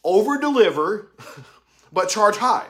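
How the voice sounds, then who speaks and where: A man giving a casual monologue about mentorship, profane and excitable, full of slang, acting out conversations he quotes. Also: sits high, slow pace. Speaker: tattoo artist talking about mentorship.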